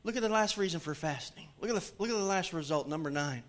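A man preaching a sermon to his congregation in a church, joking with the crowd and swinging from loud calls to hushed pleading. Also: fairly high pitch, expressive, fast talker. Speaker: pastor. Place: church sanctuary.

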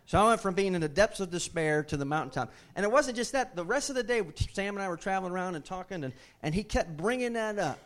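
A middle-aged man preaching a sermon, telling a family story in a folksy way with many restarts. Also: a little high. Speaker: pastor.

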